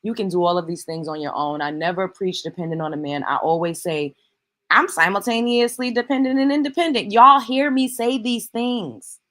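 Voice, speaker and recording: A woman's voice: mid-range voice, normal speed, a bit bright. Emphatic preachy woman commentator. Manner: preachy, emphatic, swears freely. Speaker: commentary host. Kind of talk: reaction commentary.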